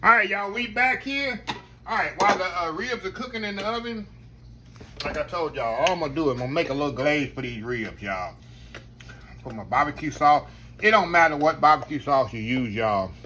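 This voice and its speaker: Southern country man, homey cooking-video host, chatty y'all delivery, slightly high voice. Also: lively intonation, brisk, sharp tone, a little hiss or hum. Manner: folksy, chatty, keeps addressing viewers as y'all. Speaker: home cooking vlogger. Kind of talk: casual cooking demonstration. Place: home kitchen.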